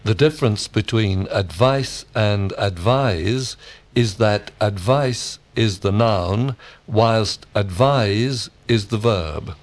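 A man giving steady, full-sentence answers in a scripted language drill. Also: fairly low pitch, slow. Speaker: model student.

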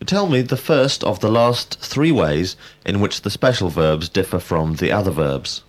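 A man giving a scripted grammar lesson, speaking in a measured, precise way and prompting answers. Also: sits low, lively intonation. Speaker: language teacher.

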